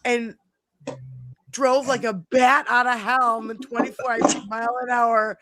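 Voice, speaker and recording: A middle-aged woman hosting a podcast, telling a long story in a casual, animated way, swearing freely and rambling. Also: on the high side, measured pace, a crowd in the background. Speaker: podcast host.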